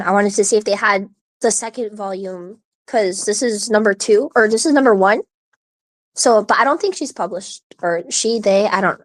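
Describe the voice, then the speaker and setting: This woman's voice sits at a medium pitch and is recorded with no room sound. She hosts a live audio stream of casual chat, giggly and rambling, full of "like," restarts, and hiccups.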